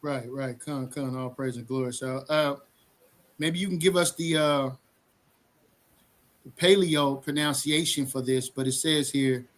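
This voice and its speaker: A man's voice: mid-range voice, measured pace, fairly bright tone. A man co-hosting a livestream bible study, talking casually and animatedly with many fillers.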